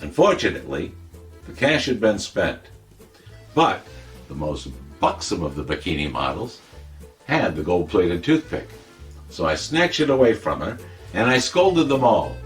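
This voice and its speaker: A man playing a boastful, wisecracking older comic who tells tall tales in a deadpan, rambling way. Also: deep voice, measured pace, faint music behind. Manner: deadpan, rambling, self-contradicting. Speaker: comic editorial presenter. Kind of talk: comedic monologue.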